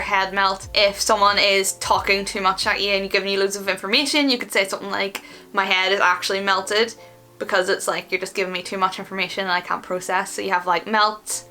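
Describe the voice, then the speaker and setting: Young Northern Irish woman, vlogger, rapid chatty delivery, mid pitch, faint music bed. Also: pushed and bright. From Northern Ireland. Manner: chatty, rapid, lots of fillers. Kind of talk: casual explainer vlog. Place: bedroom.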